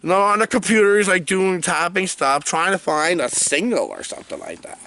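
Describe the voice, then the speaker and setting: A man giving a comedic, rambling movie review rant in an animated, jokey way. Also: high-pitched, moderate pace, vocal fry, no echo.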